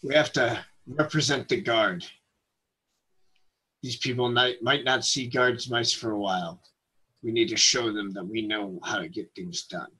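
A man voicing an earnest, dutiful male guard mouse in a measured, slightly lowered, husky voice. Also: bright, forceful tone. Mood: resolute. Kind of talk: tabletop role-play.

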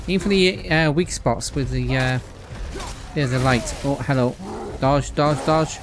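A man with a Welsh accent, commentating on his gameplay in an excitable, panicky way and talking to the characters on screen. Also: mid-range voice, moderate pace, background noise. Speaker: let's player. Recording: loud game music underneath. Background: game music.

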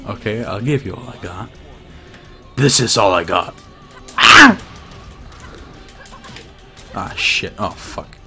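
A man streaming himself playing a fighting game, chatting casually, swearing and laughing, with bursts of excited shouting. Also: lowish voice, slow, gravelly, pauses often, soft background music. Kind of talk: casual gameplay commentary.

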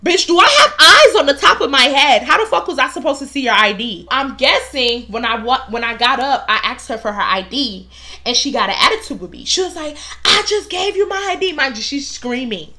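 A young woman vlogger telling a work story in a casual, animated and profane storytime monologue, often getting loud for emphasis. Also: sits high, a little fast.

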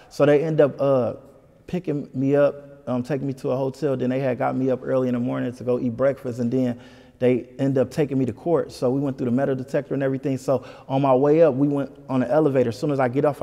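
A man from Michigan, a comedian guest, telling a story in an animated, casual way in an interview. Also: mid-range voice, vocal fry, big-room sound. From Detroit, Michigan. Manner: animated, keeps saying "you know what I'm saying".

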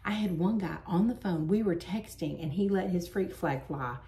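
A woman, chatting and laughing as she tells stories while doing her makeup. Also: fairly low pitch. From Southern United States. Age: 40s. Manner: chatty, animated, quick to laugh. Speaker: beauty vlogger.

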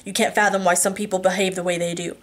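A woman's voice: lowish voice, level tone, quick pace, close to an everyday voice. Woman doing a curt, murmuring rich businessman. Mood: curt, teasing.

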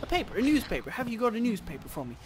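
A man commenting on his game as he plays, chatting casually, cursing at creatures and bursting into loud shouts. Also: extremely high pitch, very fast, noisy background. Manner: animated, swears at game creatures, sudden loud outbursts. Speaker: let's play host.

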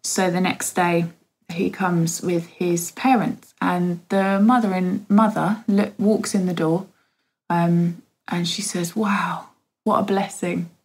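Woman in her thirties, lowish voice, hesitant and heartfelt church testimony. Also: flat delivery, darkish tone, rough recording. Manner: halting and heartfelt, many pauses and fillers. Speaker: church member giving testimony. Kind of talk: spoken testimony in an online church service.

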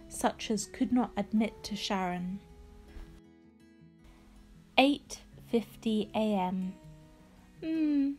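A woman narrating a first-person diary audiobook in a clipped, wry, deadpan way. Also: on the high side.

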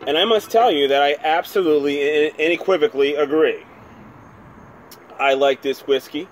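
A man's voice: medium pitch, slight background noise. A man from New Jersey, hosting his own whisky review channel, talking in a chatty, rambling, self-deprecating way. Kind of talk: casual home video review.

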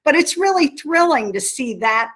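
Woman, fairly high voice, earnest, interview guest, frequent restarts. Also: lively intonation, normal speed, a bit bright. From Southern Ohio. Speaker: nonprofit leader, guest. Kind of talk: conversational interview.

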